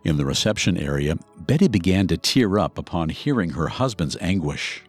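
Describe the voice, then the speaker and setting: A man with a very low but lively, animated voice narrates a true story in scripted podcast style. He tells it expressively and dramatically. Faint music sits underneath. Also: normal speed, slightly rough.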